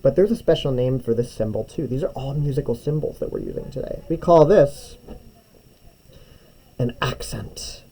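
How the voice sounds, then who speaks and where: A young male music teacher, medium-pitched, creaky and warm, leads kids through a drawing tutorial at a moderate pace. He is animated yet patient and encouraging, going step by step and often checking with "right?", though the recording is rough.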